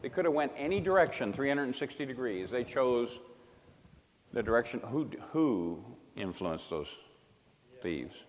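A man preaching a personal testimony in sermon style, emphatic and swinging between loud bursts and hushed tones. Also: mid-range voice, animated, moderate pace, long reverb tail. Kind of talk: sermon storytelling.

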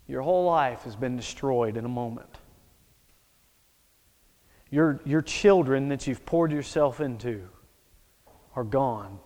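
A male preacher delivering a sermon as a dramatic story, swinging from hushed to loud. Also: medium pitch, lively intonation, slow pace, pauses often. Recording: echoey hall.

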